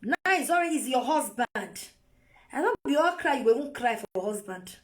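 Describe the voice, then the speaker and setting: A woman with a Nigerian accent speaks to her phone on a live video, her voice sitting high. She scolds and lectures, circling back to the same points again and again. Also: expressive, normal speed. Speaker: vlogger.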